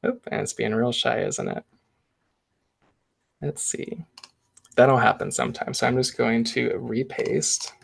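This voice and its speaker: Male presenter with a gravelly voice, casually talking through a screen demo. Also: medium pitch, unhurried, pauses often. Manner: casual step-by-step walkthrough, chatty asides. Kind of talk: live software demo.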